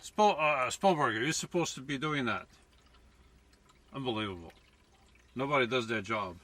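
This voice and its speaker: Picked up by a distant mic with a little hiss or hum, this man speaks at a moderate pace in a medium-pitched, expressive, fairly bright voice. He's a van life vlogger cooking in his camper van, talking casually to his viewers as folks and frequently restarting or correcting himself.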